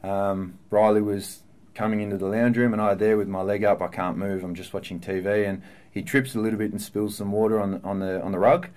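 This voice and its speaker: Man, 30s, pro footballer guest: lowish voice, candid, thoughtful, halting. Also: steady tone, darkish tone. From Australia. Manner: earnest, reflective, with frequent fillers and restarts. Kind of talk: candid podcast interview.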